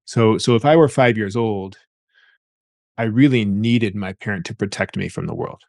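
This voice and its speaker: This is a man with a low, gravelly voice, explaining relationship ideas as an interview guest. He thinks aloud, repeating words as he finds his point. The sound is dry and close. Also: moderate pace, darkish tone, no room sound. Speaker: therapist guest. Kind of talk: interview conversation.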